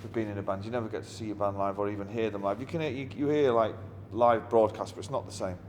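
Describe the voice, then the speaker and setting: A man's voice: fairly low pitch, fairly even intonation, quick pace. A middle-aged man, a musician telling anecdotes in an interview in a blunt, wry, heavily swearing manner. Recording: long reverb with faint ambient noise.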